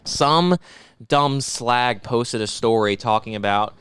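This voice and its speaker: A man co-hosting a casual comedy podcast, swearing a lot and ranting loudly. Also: mid-range voice, slow pace, smooth. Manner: profane, ranting, mocks people in put-on voices. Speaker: podcast co-host.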